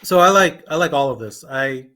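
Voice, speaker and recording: A man co-hosting a podcast in casual chat, excitable and throwing out rapid-fire questions. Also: mid-range voice, no echo. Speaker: podcast co-host. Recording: dull lo-fi sound.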